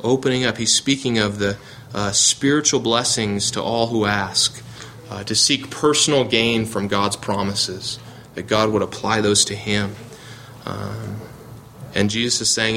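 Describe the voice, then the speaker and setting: A man's voice: lowish voice, fairly even intonation, unhurried, pushed and bright, a little hiss or hum. Earnest man teaching a Bible class. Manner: earnest, reads scripture aloud, restarts and searches for words.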